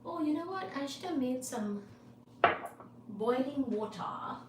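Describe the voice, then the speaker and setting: A woman's voice: high-pitched, expressive, measured pace, recorded from a distance. A woman hosting a casual livestream from her kitchen, playful and chatty, cooing at her cats. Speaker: livestream host. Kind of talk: casual live-stream chat. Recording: echoey room with background noise.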